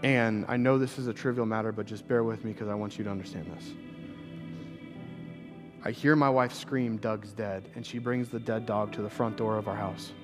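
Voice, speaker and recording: A pastor in his thirties preaching a sermon, earnest, his voice climbing into emphatic, repeated lines and dropping low and quiet to tell a personal story. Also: steady tone, normal speed, music in the background.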